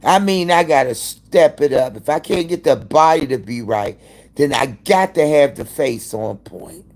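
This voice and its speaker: A man's voice: a little high, lively intonation, unhurried. A man hosting a casual live-stream chat, gossiping in a profane, dramatic way. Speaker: livestream host.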